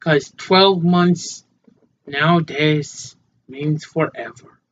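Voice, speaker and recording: A man's voice: a little high, very slow. A man co-hosting a casual podcast with an easygoing manner and dry wisecracks, recorded with a dull lo-fi sound and faint hiss. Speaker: podcast co-host. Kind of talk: casual chat.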